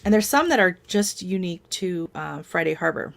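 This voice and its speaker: A woman's voice: lowish voice, lively intonation, moderate pace, creaky. A woman hosting a casual live stream from home, chatting and telling rambling stories with frequent laughs.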